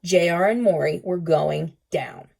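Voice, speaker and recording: Teacher read-aloud, woman, warm dark tone, calm and expressive. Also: lowish voice, measured pace, vocal fry, breathy edge. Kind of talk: reading a children's novel aloud.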